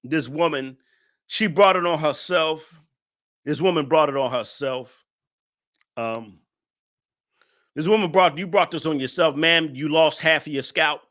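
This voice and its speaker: A man's voice: fairly high pitch, a little slow, long pauses, fairly bright tone. A man hosting a live stream, laughing as he roasts a viewer in loose, slangy casual talk. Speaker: live-stream show host.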